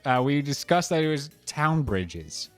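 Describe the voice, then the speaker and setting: A man narrating as game master of a tabletop game, easygoing and halting with fillers. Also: fairly high pitch, big pitch swings, clean tone, soft background music.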